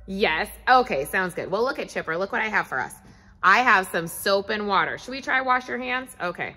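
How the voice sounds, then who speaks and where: In a big-sounding room, a preschool teacher leads a children's Bible lesson, speaking animatedly to the kids and to an unseen puppet dog. Her voice sits in the mid range and moves at a moderate pace.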